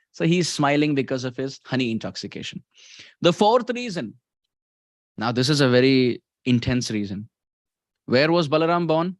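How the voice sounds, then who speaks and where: An Indian-accented man preaching a devotional story, animated and often laughing as he talks. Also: medium pitch, dry recording, studio quality.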